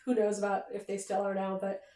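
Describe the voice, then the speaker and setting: A woman's voice: mid-range voice, monotone, fast, warm tone. A young woman co-hosting a podcast, chatting enthusiastically as a fan, rambling with fillers. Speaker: podcast co-host. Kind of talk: casual chat. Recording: echoey room.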